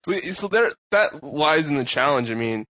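A man co-hosting a casual podcast, relaxed and measured, steering the conversation. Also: fairly high pitch, no room sound. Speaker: podcast co-host.

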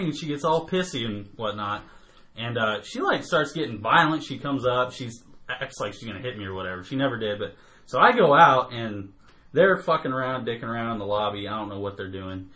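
Man, podcast storyteller, lively swooping delivery, bright forceful tone, profane, laughing. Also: mid-range voice, fairly quick. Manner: profane, laughs often while telling. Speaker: podcast co-host telling a story. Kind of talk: casual storytelling.

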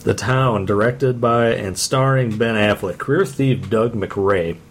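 A man's voice: on the low side, measured pace, slight background noise. A man co-hosting a movie podcast, reading film synopses and commenting with frequent laughs. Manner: laughs often, reads synopses then comments. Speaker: podcast co-host. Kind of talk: casual chat, reading movie blurbs.

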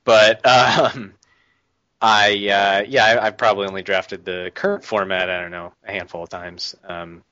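Slightly sick podcast host, low and dull. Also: male voice, flat delivery, moderate pace, pushed and bright, no echo. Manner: rambling, lots of fillers and restarts. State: a little sick. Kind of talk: casual chat. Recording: dull lo-fi, dry.

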